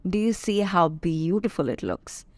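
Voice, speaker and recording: A woman's voice: fairly low pitch, animated, moderate pace, a little mellow, no echo. A woman in her twenties from India, hosting a solo podcast and chatting in a confiding, playful way with asides to her listeners. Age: 20s. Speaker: podcast host. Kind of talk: casual solo podcast chat.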